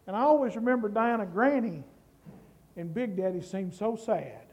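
A man preaching a sermon, slow and emphatic, building up to shouts. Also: sits high, slightly rough, lo-fi sound. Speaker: pastor.

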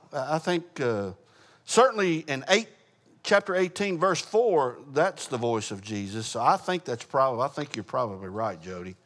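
Casual preacher teaching Revelation. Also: male voice, mid-range voice, fairly bright tone. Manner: casual, asks the group questions, frequent uh fillers. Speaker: pastor teaching a Bible study. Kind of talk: conversational Bible teaching.

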